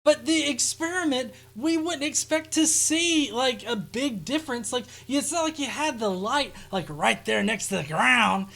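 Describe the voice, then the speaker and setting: A woman's voice: sits high, a little slow, vocal fry, hardly any pauses, fairly bright tone. A woman hosting a show, reading viewer comments and giving crude, sarcastic commentary with laughing asides. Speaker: show host. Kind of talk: casual mocking commentary.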